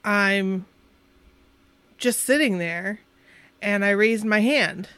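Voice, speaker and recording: A woman's voice: mid-range voice, slow, fairly bright tone, smooth, no room sound. Casual podcast co-host, woman in her forties, playful storyteller, dry close sound. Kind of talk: casual chat among friends.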